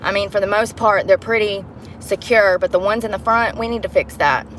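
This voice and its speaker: A woman's voice: mid-range voice, fairly quick, fairly bright tone, a little hiss or hum. A woman vlogger ranting angrily and bluntly to the camera from inside her car at night, swearing often. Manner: angry, profane, blunt. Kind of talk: heated rant to the camera.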